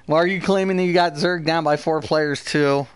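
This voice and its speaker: A man's voice: fairly high pitch, fairly even intonation, moderate pace, clear, resonant tone, dry recording. Heated, profane male streamer, dry close sound. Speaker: gaming streamer and channel host. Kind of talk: live stream rant, answering chat.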